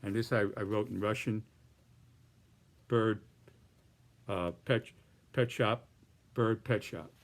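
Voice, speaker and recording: Rambling man with a low voice. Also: steady tone, slow pace, pauses often. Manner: rambling, many restarts and hedges. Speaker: political cartoonist presenting his cartoons. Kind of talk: casual commentary.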